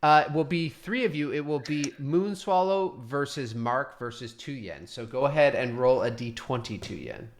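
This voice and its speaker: A man narrating as game master of a tabletop game, relaxed and filler-heavy, adding little sound effects. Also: medium pitch, moderate pace, few pauses, a little hiss or hum.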